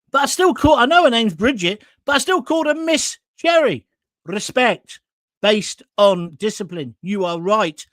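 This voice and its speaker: A man's voice: high-pitched, a bit bright, dry recording. A man, hosting an online talk show and chatting casually through viewer comments in a blunt, jokey way with crude asides. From England.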